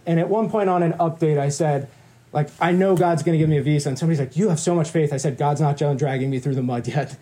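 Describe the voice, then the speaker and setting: A man's voice: on the high side, fairly even intonation, fast talker, dark tone. A man in his twenties giving a candid personal testimony to a group, acting out dialogue and joking at his own expense. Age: 20s. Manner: candid storytelling with quoted dialogue and self-deprecating humor. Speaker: guest speaker.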